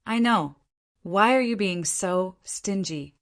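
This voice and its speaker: A woman's voice: mid-range voice, takes it slowly. A woman voicing a cheeky, easygoing young male martial hero in an audiobook, with a teasing, casual manner.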